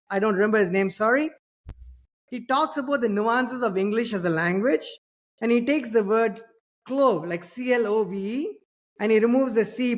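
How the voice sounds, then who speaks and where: A man's voice: sits high, a bit bright. Indian-accented male host, middle-aged, talky and anecdotal, pokes fun at himself. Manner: chatty, anecdotal, self-deprecating. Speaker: podcast host. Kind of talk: casual conversation.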